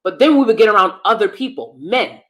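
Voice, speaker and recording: With a medium-pitched, fairly bright and expressive voice, a woman hosts a relaxed livestream chat at a fairly quick clip. She reads viewer comments and gives emphatic, opinionated advice, repeating herself for stress.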